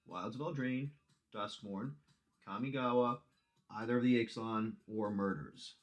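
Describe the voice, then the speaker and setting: A man with a lowish voice hosts a livestream at a moderate pace, narrating a dice-rolled adventure game. He chats with the player, calling him "my friend," talks through each roll, and reacts loudly to hits.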